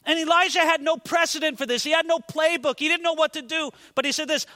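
A man's voice: very high voice, steady tone, fast, few pauses, pushed and bright, in a large hall. A man preaching a sermon with passion, his voice swelling and dropping for emphasis.

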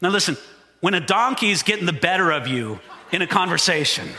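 Animated preacher in a reverberant hall. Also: male voice, sits high, fairly quick. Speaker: pastor. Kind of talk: sermon.

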